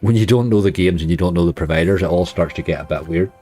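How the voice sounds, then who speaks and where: Soft background music accompanies a man's fast, low-sitting voice with a darkish tone. He's a slot streamer hosting a late-night slots live stream, chatting casually, greeting viewers and laughing often.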